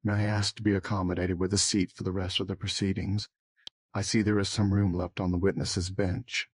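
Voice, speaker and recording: A man's voice: deep voice, little pitch movement, brisk, breathy edge. A man reading the part of a frail, old-fashioned elderly male witness who speaks in a quavering voice. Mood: polite.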